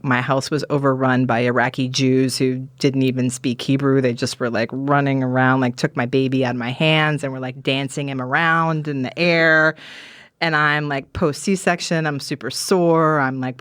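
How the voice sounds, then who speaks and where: A woman's voice: a bass voice, no echo, studio quality. A woman guest telling long, candid stories in a rambling, frank way, swearing casually. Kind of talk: candid conversational storytelling.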